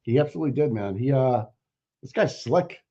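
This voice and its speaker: A man's voice: medium pitch, lively intonation, brisk, dark tone. A man with a thick Boston accent talks through a casual commentary stream, wandering from point to point and trailing off into "uh" and "I don't know." His voice sits in an ordinary middle register. The stream audio comes through dull and lo-fi. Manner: rambling, opinionated, laughs often, trails off with fillers. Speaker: livestream co-host.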